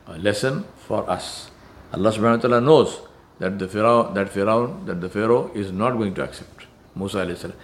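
A man preaching a sermon in an earnest manner, stressing points by repetition and often restarting his phrases. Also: fairly low pitch.

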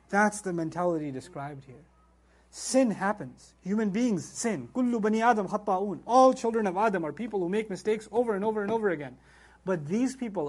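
A man giving an animated religious lecture on scripture, asking rhetorical questions and quoting Arabic verses as he teaches. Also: high voice. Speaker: Quran teacher.

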